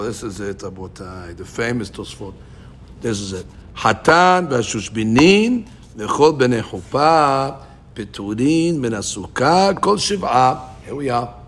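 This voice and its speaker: A man teaching a Talmud class, asking and answering questions in an animated way. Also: on the high side, gravelly. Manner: animated, questioning, mixes Hebrew and Aramaic terms.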